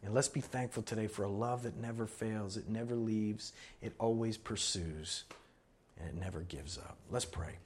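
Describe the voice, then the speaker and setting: A man's voice: fairly low pitch, moderate pace, a little mellow, slightly rough. A man preaching a sermon as pastor, conversational and earnest, building to emphatic exhortations.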